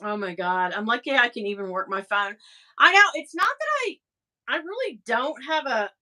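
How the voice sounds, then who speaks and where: A woman's voice: mid-range voice, expressive, brisk, sharp tone. A middle-aged woman chatting casually on her livestream, rambling and exasperated as she talks to her viewers. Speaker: livestream host.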